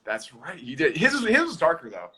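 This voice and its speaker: A man guesting on a casual live-stream chat, talking easygoingly with halting restarts. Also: a little high, wildly swooping pitch, pushed and bright. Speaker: guest, drummer. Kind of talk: casual video-call chat.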